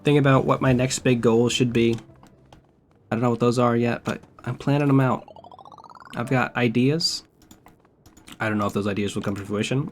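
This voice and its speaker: A man with a medium-pitched voice streams a video game and gives casual gameplay commentary. He's laid-back, wry and profane, and there's slight background noise.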